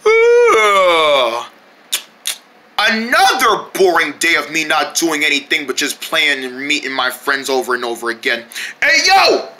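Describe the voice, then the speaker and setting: A performer doing a goofy comedy skit with mock ads, shouting and squealing between lines. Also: mid-range voice, normal speed, hardly any pauses, a little hiss or hum.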